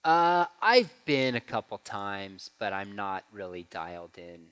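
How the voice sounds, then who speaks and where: A man in his forties speaks in a church hall with long reverb. His pitch swings widely as he tells family stories and acts out what people said, and the room rings on after him. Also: a little slow, clean tone. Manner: animated storyteller who acts out quotes. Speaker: guest speaker. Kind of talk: church talk with Q&A.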